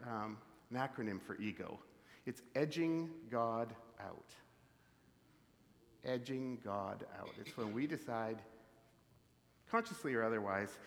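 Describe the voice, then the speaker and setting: A man's voice: medium pitch, fairly bright tone. A man from the prairies preaching a sermon in an easy, reflective, conversational way with many fillers. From Canadian prairies. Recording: reverberant hall.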